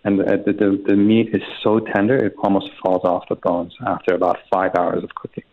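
A man being interviewed as a radio guest, explaining things in a relaxed way. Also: deep voice, brisk, crowd noise. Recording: tinny phone line.

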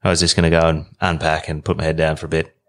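A man's voice: rumbling low, flat delivery, rapid-fire. An Australian man in his thirties, a podcast guest spinning a long rambling travel yarn in an easygoing way. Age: 30s. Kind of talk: casual storytelling.

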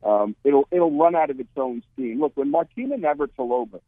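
A man's voice: fairly high pitch, lively intonation, fairly quick, dry recording. A man joining a radio show as a guest, speaking emphatically and telling stories with strong opinions. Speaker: radio guest, network executive. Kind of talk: phone-in interview. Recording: tinny phone line.

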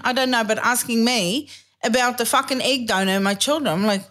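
A woman's voice: a little high, fairly even intonation, fairly quick, fairly bright tone. A woman hosting a podcast, telling stories bluntly and swearing freely. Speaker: podcast host. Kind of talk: casual podcast chat.

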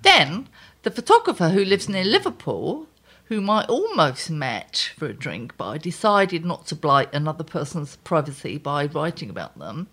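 An older woman co-hosting a casual chat, reading her own column aloud in a wry, lively way. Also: deep voice, normal speed.

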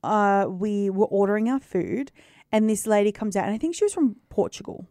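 A woman's voice: medium pitch, normal speed, mellow, no room sound, clean studio sound. An Australian woman co-hosting a podcast, telling chatty stories and laughing often. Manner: chatty storytelling with frequent laughter. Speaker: podcast co-host. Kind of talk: casual chat.

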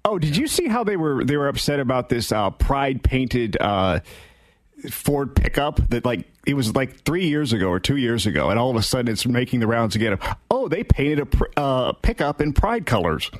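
A man's voice: medium pitch, expressive, fairly quick, dry recording. A man co-hosting a podcast in casual banter, easygoing and offhand, with dry jokes. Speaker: podcast co-host.

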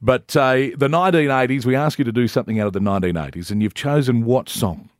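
A man's voice: medium pitch, quick pace, no echo. A man in his fifties hosts a radio interview from a studio, upbeat and chatty, with frequent filler sounds. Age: 50s. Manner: enthusiastic, many "uh" fillers. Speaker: radio host. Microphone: studio microphone.

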